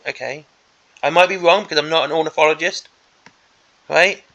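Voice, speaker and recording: A man's voice: a little high, moderate pace, bright, forceful tone, dull audio. A man hosting a miniatures hobby channel, giving an exasperated, sarcastic ranting commentary on a product preview.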